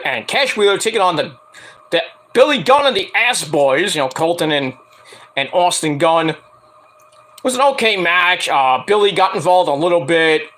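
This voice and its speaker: A man's voice: high-pitched, pushed and bright. A man giving a casual, rambling spoken review with lots of fillers and swearing. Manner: rambling, profane, with many fillers. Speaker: wrestling show reviewer.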